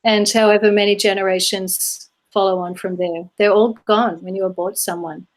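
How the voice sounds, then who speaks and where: A woman's voice: medium pitch, steady tone, moderate pace, poor audio. A woman in her fifties with an Australian accent, answering interview questions plainly and matter-of-factly. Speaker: guest, activist. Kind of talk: casual conversational interview.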